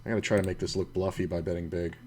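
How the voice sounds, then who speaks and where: A man with a fairly low voice streams himself playing online poker, recorded on a desk mic. He talks to himself casually about his hands, curses freely and wanders into stories between decisions. A faint hiss sits under his voice. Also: level tone, rapid-fire, darkish tone. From United States.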